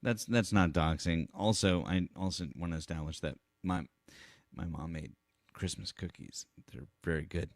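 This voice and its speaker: A man with a very deep voice hosts a political live stream. He is blunt and combative and swears freely. The sound is dry and close. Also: steady tone, moderate pace, no echo.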